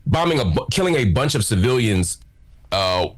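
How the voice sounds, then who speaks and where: A man arguing in a debate, measured but halting, with frequent restarts. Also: fairly low pitch, big pitch swings. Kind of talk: debate argument.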